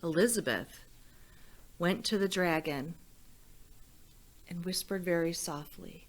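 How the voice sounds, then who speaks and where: A woman reading a children's story aloud at a church, gentle and expressive, speaking to children. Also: lowish voice, takes it slowly, pauses often.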